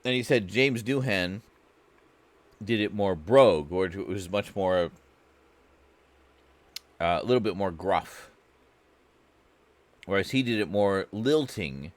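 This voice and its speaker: A Canadian man with a very deep, low voice chats while he streams a game. He rambles, swears freely and pokes fun at himself in a loose, casual way. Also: expressive, slow pace, long pauses, dry recording. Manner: rambling, profane, self-mocking. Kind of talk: casual chat while gaming.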